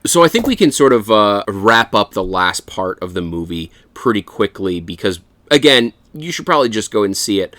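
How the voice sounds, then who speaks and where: A man's voice: lowish voice, sing-song, normal speed, a bit bright, dry recording. Dry-sounding man recapping a film. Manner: swears freely, laughs while recapping. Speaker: podcast co-host. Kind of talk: casual film review chat.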